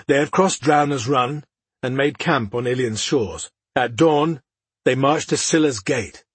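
A man voicing a cruel, commanding female goddess ruler in an audiobook, with a husky, gloating manner. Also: medium pitch, unhurried, no echo.

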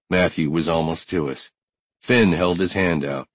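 A man's voice: deep voice, steady tone, normal speed, no room sound. A man narrating a first-person audiobook with tense, driven storytelling.

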